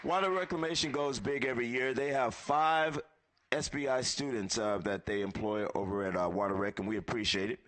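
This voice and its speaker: A man's voice: mid-range voice, a little fast, fairly bright tone, a faint crowd. A man emceeing a live event, thanking sponsors and calling guests up one by one in an upbeat way.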